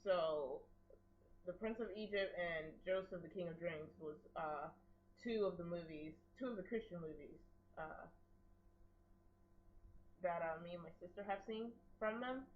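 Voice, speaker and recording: A young woman in casual chat, retelling a film with animated, quoted character voices. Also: fairly low pitch, unhurried, long pauses, slight background noise. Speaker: co-host discussing a film. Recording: dull lo-fi sound.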